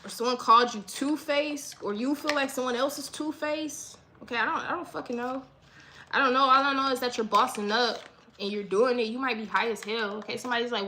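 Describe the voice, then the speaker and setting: A woman with a slightly high voice gives a casual live reading. She talks loosely and swears freely, and she keeps checking in with "okay?" after nearly every line. A faint hiss sits under her voice. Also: a little fast, sharp tone. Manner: repetitive, keeps asking "okay?", profane. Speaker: livestream tarot reader.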